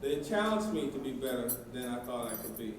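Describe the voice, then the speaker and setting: A man's voice: mid-range voice, very animated, fairly quick, a little hiss or hum. A man giving a folksy, emphatic storytelling speech at a banquet. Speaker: banquet speaker. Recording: echoey banquet hall from far off.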